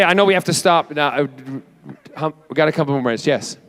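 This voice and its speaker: A man's voice: on the high side, fast talker, a bit bright, a faint crowd, a little hiss or hum. Man, 40s, playful, convention panel Q&A, handheld mic. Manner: playful, chatty, self-teasing. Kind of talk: casual Q&A with fans. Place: convention hall stage.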